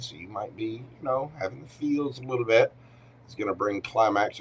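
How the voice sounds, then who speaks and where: Man, slow easygoing talk, tarot reader chatting live, talks to himself, faint background hum. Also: fairly low pitch, a bit bright, low-quality recording. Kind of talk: casual live-stream tarot reading.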